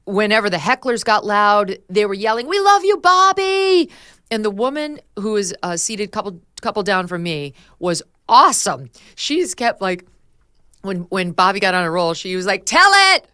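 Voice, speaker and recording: A middle-aged woman hosting a talk show, brisk and emphatic, sometimes laughing as she talks. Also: mid-range voice, a bit bright, smooth, no echo, studio quality. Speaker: host. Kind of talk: talk show host chat and read ad.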